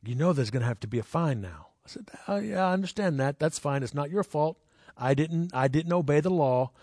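A man delivers a sermon in a chatty, conversational style, sharing personal stories and putting questions to the crowd. His voice is animated, fairly quick and a little mellow, recorded dry with studio quality. When acting out other people, he jumps into high voices.

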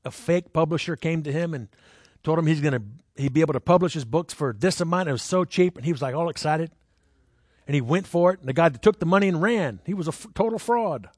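Male preacher telling stories to a congregation, slightly high voice, dry close sound, chatty with the crowd. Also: quick pace, darkish tone, dry recording. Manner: conversational, asks the crowd questions; jumps into high voices when acting out people. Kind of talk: sermon with personal stories.

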